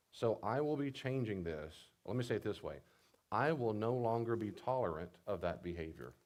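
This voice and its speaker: A male pastor giving a teaching talk, emphatic and repeating his key points. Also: lowish voice. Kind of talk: teaching talk on marriage counseling.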